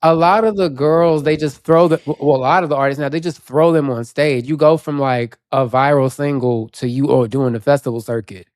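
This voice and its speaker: A man co-hosting a podcast, telling stories in a chatty, animated way. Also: on the high side, brisk, few pauses, no echo, clean studio sound. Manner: chatty, animated storytelling with quoted asides. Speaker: podcast co-host. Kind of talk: casual chat.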